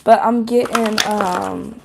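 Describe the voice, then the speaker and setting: A woman's voice: mid-range voice, steady tone, slow, gravelly, background noise. A woman giving a casual pick-a-card tarot reading, talking loosely and chattily to her viewers, with lots of fillers, laughs and swearing. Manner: talks straight to viewers as "y'all".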